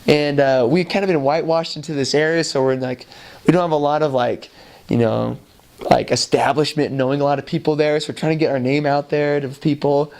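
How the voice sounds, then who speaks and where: Brief: slightly high-voiced man, animated storyteller, chatty and loose, bounces into other people's voices. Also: brisk. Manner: loose and chatty, full of "like" and "you know". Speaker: former missionary. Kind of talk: personal anecdote told to camera.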